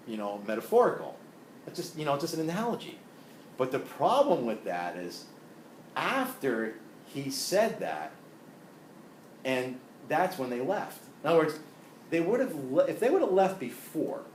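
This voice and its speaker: A man lecturing a class in a relaxed, conversational way, often tossing in "right?" and small asides. His voice sits at an ordinary middle pitch. The room around him is echoey, with a faint hum of ambience underneath. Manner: conversational, with frequent tag questions and asides.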